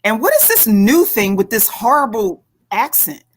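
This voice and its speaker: A woman in a casual online commentary chat, animated and mocking, laughing often as she gossips. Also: on the high side, normal speed, breathy edge.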